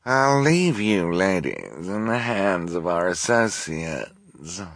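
A man's voice: low voice, very animated, slow pace, fairly bright tone, no echo, clean studio sound, exaggerated voice. A man voicing a scheming, bloodthirsty villainous woman in an audiobook, with gloating, hissing menace.

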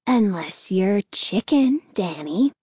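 A woman's voice: high voice, lively intonation, slow, darkish tone, no echo, studio quality, exaggerated voice. A woman voicing a scheming boy who scoffs and challenges the others. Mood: scornful. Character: scornful scheming boy, Alan.

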